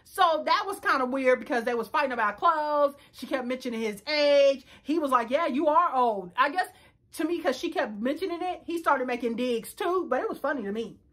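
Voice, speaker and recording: A woman in her thirties recapping a reality dating show in a sassy, loud, casual way, switching speeds and pitch often. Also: lively intonation, a little fast. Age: 30s.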